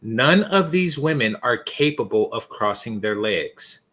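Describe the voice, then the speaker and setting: Mocking man, lively and bright. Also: mid-range voice, measured pace. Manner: blunt and mocking, bursting into loud shocked yelps. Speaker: reaction video host. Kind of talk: scornful reaction commentary.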